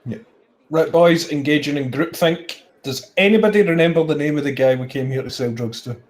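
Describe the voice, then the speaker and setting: A man playing a tabletop game, who talks in halting, swearing bursts full of fillers. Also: a little high. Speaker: player. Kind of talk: casual tabletop game play.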